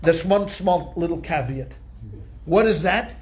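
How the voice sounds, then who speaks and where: A male rabbi teaching a Torah class, telling the story in an animated, conversational way with frequent restarts. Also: on the high side, a little slow, slight background noise.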